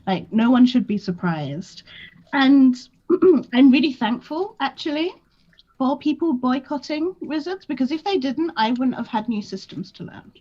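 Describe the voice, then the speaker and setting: A woman's voice: high-pitched, animated, a little slow, warm tone. A British woman from England, a guest chatting candidly and laughing easily on a livestream. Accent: British English. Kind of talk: casual chat on a livestream. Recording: dull lo-fi sound.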